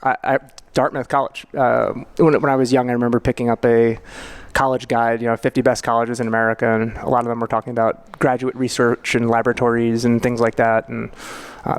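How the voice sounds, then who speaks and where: A man's voice: medium pitch, smooth. A man in his thirties from New York, a financial planner being interviewed, talking thoughtfully with many fillers. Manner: thoughtful, explanatory, with frequent fillers. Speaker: guest, family financial planner. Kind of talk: conversational podcast interview.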